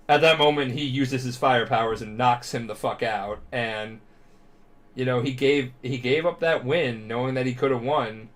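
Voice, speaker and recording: A man's voice: medium pitch, moderate pace. A drunk man co-hosting a podcast, rambling and swearing as he retells a story in a casual way. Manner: rambling, profane, animated. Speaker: podcast co-host.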